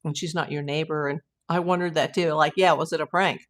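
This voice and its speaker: Chatty woman streamer, slightly low voice. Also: fairly even intonation, brisk. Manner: rambling, anecdotal, laughs often. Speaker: host of a live YouTube channel. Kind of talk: casual live-stream chat.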